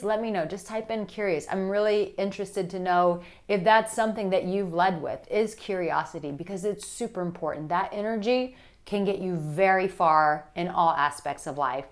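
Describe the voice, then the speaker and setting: Animated woman dating coach, blunt and lively. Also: on the low side. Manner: animated, blunt, acts out voices, casual swearing. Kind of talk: direct-to-camera advice vlog.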